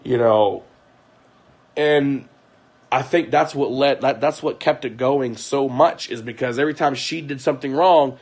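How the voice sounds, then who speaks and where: A young man live-streaming from home, talking in a weary, aggrieved way, halting and repeating his words. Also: mid-range voice, a little mellow. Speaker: livestreamer. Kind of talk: emotional live-stream monologue.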